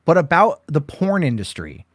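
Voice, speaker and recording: A man in his thirties hosts a casual late-night movie chat, his voice sitting a little high and close with no room around it. He rambles, swears freely and acts out quotes as he tells his stories. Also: huge pitch swings, normal speed, dry recording. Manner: rambling, profane, storytelling with acted-out quotes. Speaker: host.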